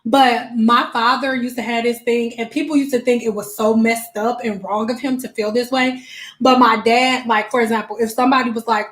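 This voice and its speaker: A woman hosting a casual livestream as a spiritual coach, telling animated stories full of slang and acted-out quotes. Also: a little high, normal speed. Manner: emphatic repetitions.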